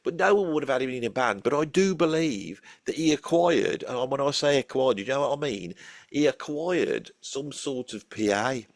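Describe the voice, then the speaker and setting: A man's voice: mid-range voice, animated, normal speed, dry recording, studio quality. A man with a Birmingham accent telling a grumpy, rambling comic story with casual swearing. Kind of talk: comic character monologue.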